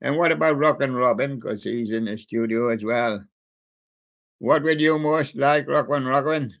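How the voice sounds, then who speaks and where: Slow-talking man hosting a lo-fi show. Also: mid-range voice, creaky. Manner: chatty, playful, talks to soft toys and does their voices. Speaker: radio show host. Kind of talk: casual radio chat. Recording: dull lo-fi sound.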